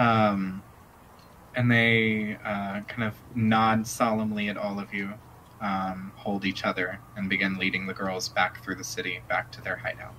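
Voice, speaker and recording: A man's voice: fairly low pitch, level tone, measured pace, sharp tone, a little hiss or hum, low-quality recording. A man narrating as game master for a tabletop role-playing game, rambling with many fillers.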